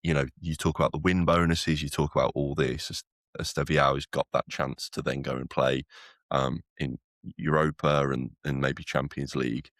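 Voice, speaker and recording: This podcast co-host has a rumbling low voice with a fairly bright tone and fairly even intonation, speaking at a moderate pace in clean studio sound with no room sound. He discusses football in a loose, rambling way, with many fillers and restarts.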